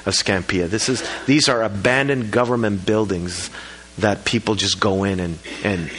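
A man preaching a sermon, telling a congregation a story in a lively storytelling way. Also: fairly low pitch, normal speed, slight background noise, rough recording. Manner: preaches with rising emphasis and storytelling; talks to the congregation about slides. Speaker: pastor.

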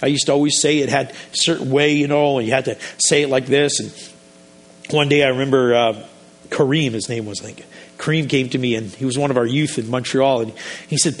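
A man's voice: mid-range voice, steady tone, fairly quick. A man pastor preaching a sermon in a conversational, storytelling way, often restarting his sentences.

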